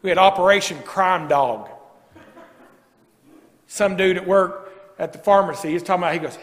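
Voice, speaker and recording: A man's voice: high-pitched, moderate pace, long pauses. A man preaching a sermon as a pastor, folksy and rising to emphatic preaching. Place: church sanctuary. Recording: long church reverb.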